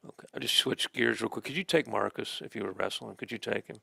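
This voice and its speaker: A man's voice: lowish voice, quick pace, gravelly, pushed and bright, breathy edge, dry recording. A man hosting a local sports talk show, interviewing a young wrestler in a chatty, jokey way. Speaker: host.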